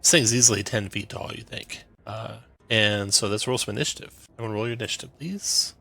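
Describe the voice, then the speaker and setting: A man's voice: fairly low pitch, brisk, gravelly, bright, forceful tone. A man running a tabletop game as game master, calling turns with easygoing fillers over a voice call.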